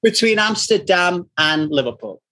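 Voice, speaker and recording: A man's voice: high voice, moderate pace. A man from Manchester with a Northern English accent, chatting casually and telling blunt, profane stories. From Manchester, England. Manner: blunt, swearing freely, lively storyteller. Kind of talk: casual chat, storytelling.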